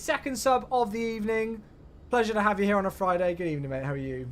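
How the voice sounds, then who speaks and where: Streaming a flight simulator, a man chats casually with his viewers, greeting them by name while reading back radio calls. His voice sits high and his pace is quick.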